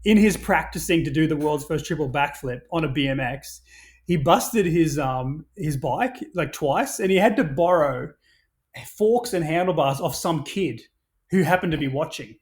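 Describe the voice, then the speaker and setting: A man on a podcast, his voice pitched a little high. He tells his stories in an animated rush, full of restarts and casual swearing. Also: normal speed. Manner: animated storyteller, swears freely, many restarts. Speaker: podcast guest, brand founder.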